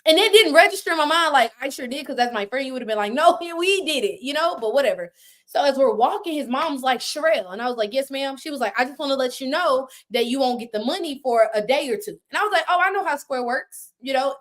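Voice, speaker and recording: A woman guest on a live video call, telling her story in casual, animated talk, acting out what people said with slang and swearing. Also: sits high. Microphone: phone on a live video call.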